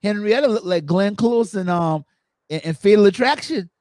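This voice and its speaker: A man hosting a podcast in casual chat, telling funny stories with animated energy and acting out quotes. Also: high-pitched, normal speed, dry recording. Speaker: podcast host.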